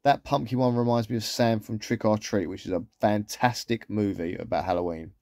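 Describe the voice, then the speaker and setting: Male vlogger, easygoing and rambling, mellow voice, dry close sound. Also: lowish voice, steady tone, brisk, dry recording. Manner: chatty, rambling, with trailing asides. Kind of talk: casual shopping haul commentary.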